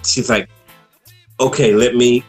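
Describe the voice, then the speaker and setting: A man co-hosting a casual movie review chat, relaxed and laughing often as he acts out lines from the film. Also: medium pitch, measured pace, soft background music.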